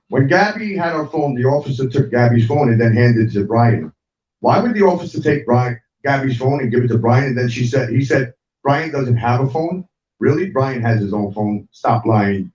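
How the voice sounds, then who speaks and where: A man's voice: medium pitch, a little mellow. A middle-aged man hosting an online talk show, ranting angrily and profanely and repeating himself as he speaks straight to viewers. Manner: angry, profane, repetitive, talks straight at viewers. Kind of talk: heated livestream rant. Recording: dull, roomy sound from a distant mic.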